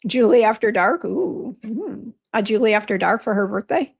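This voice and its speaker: Her pitch a little high and her delivery animated, a woman in her fifties talks at a moderate pace with a gravelly, breathy edge. She owns a beauty brand and is hosting a casual live stream, candidly chatting and reading viewer comments with self-deprecating exclamations.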